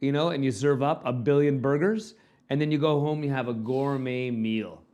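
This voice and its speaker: A man co-hosting a casual podcast. He fills the gaps with short replies and jumps in with jokey comparisons. He speaks in an even, middle-pitched voice. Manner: joking, quick short replies and wisecracks. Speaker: podcast co-host. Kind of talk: casual chat.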